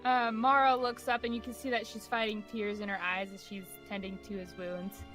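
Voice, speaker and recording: A woman's voice: medium pitch, level tone, a little fast, a bit bright, faint music behind. A woman narrating and running a tabletop role-playing game, describing scenes casually with frequent fillers. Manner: laughs often and describes scenes with many fillers. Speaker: game master.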